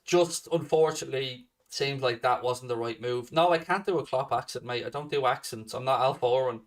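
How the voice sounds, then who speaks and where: Male host, mid pitch, blunt sweary chat answering questions, recorded a little off-mic. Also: brisk, far from the mic. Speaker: fan channel host. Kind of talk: casual live Q&A chat.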